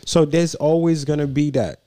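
A man's voice: a little high, fairly even intonation, normal speed, mellow, no echo. A young man from Nigeria co-hosting a podcast in casual, joking chat, rambling with fillers. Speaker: podcast co-host.

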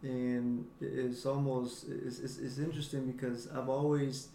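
Gravelly-voiced man, earnest and reflective. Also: mid-range voice, flat delivery, measured pace, warm tone, a little hiss or hum. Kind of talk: casual podcast conversation. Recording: roomy echo.

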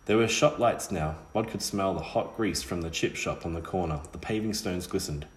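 Low voiced guy reading a novel, steady pace, roomy echo. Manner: measured, steady reading with small slips. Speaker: narrator. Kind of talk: audiobook reading.

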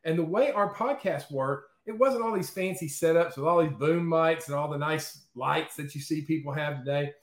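A man guest in an interview, telling stories in a lively, chatty way and often checking in with "okay?" and "right?". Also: on the high side, normal speed, hardly any pauses, reverberant. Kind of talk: casual storytelling in an interview.

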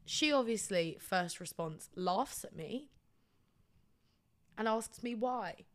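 A woman's voice: mid-range voice, expressive, a little slow. A British woman hosting a podcast, telling a comic story in a blunt, sweary, self-deprecating way. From Britain. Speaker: podcast host.

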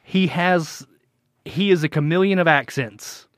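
A man's voice: fairly high pitch, unhurried, fairly bright tone, dry recording, clean studio sound. A man hosting a casual gaming podcast, joking around and swearing casually. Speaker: podcast host.

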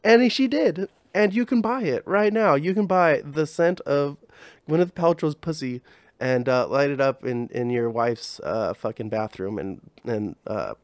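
A man's voice: a little high, measured pace, no room sound. A young man hosting a podcast, chatting in a casual, rambling way, full of slang, swearing and fillers. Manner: profane, slangy, filler-heavy. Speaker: podcast host. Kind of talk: casual rambling comedy chat.

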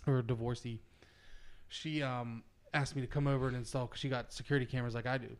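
A man's voice: mid-range voice, steady tone, quick pace, clean tone. Chatty storytelling man, casual talk. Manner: chatty storyteller, laughs at his own jokes. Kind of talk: casual chat.

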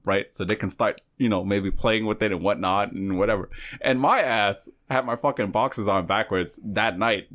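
A man's voice: on the low side, a bit bright. A young man hosting a casual chat, telling a crude, rambling story full of fillers.

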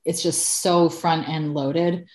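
A woman in her thirties tells her story in a candid, conversational way, swearing freely and breaking into laughs. Her voice sits on the low side. The recording has a noticeable roomy echo. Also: level tone, takes it slowly, a little mellow. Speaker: podcast guest.

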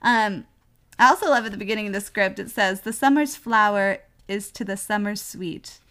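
A woman's voice: medium pitch, normal speed, a bit bright, clean tone. Giggly young woman co-hosting a podcast. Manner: giggly and enthusiastic. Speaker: podcast co-host. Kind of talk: casual chat.

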